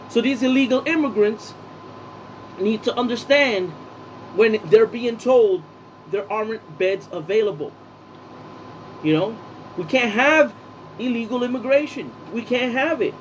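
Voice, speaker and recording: A man's voice: high voice, lively intonation, normal speed, a little hiss or hum, poor audio. A man from Puerto Rico giving a heated, profane opinion rant in his vlog, repeating himself as he argues. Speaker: political vlogger.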